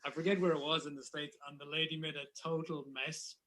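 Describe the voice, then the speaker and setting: A man's voice: fairly high pitch, fast talker. A man, an author of children's books, chatting casually and loosely with many fillers. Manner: relaxed, rambling, with many fillers. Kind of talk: casual chat.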